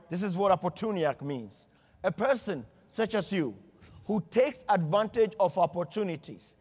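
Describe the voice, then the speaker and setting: A man's voice: high-pitched, expressive, moderate pace, a little mellow. A middle-aged man giving a humorous motivational keynote, telling stories and acting out the dialogue. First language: not English. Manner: storytelling with acted dialogue, humorous. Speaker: motivational speaker. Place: large event hall. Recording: reverberant large hall.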